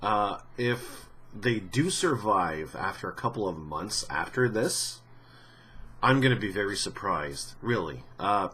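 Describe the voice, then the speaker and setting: A man's voice: lowish voice, lively intonation, unhurried, pushed and bright, slightly rough. A man giving casual commentary on gaming news for his channel, talking in a rambling, blunt way with many restarts and the odd swear word.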